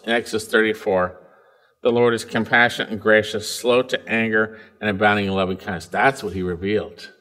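Emphatic preacher man, slightly high voice. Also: a bit bright. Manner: emphatic, pitch rising and dropping widely between phrases; conversational asides to the congregation. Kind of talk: expository sermon.

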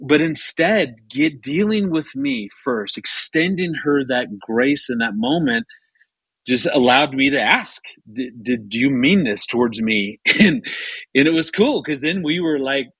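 Husky-voiced man telling a personal story. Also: mid-range voice, measured pace, no room sound, low-quality recording. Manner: repeats words while searching, lively when voicing his own thoughts. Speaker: guest.

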